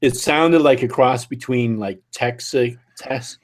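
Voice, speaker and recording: A man's voice: mid-range voice, takes it slowly. An American man in a casual online chat, teasing and laughing a lot. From United States.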